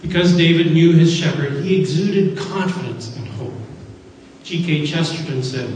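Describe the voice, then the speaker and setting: A man's voice: on the high side, a little slow, a little hiss or hum. A male pastor preaching a sermon, reading scripture with earnest, rising emphasis. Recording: echoey hall from a distance.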